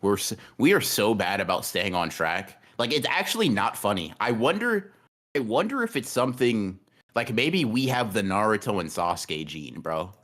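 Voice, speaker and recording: A man's voice: on the low side, big pitch swings, moderate pace, fairly bright tone. A man co-hosting a podcast in a casual livestream chat, rambling and cursing, often repeating his words. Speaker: podcast co-host.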